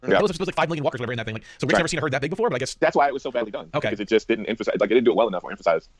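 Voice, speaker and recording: Rapid-talking man recapping a TV episode. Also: mid-range voice, dry recording, clean studio sound. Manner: rapid, animated storytelling with repeated words. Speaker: podcast host recapping episodes. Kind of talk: casual podcast chat.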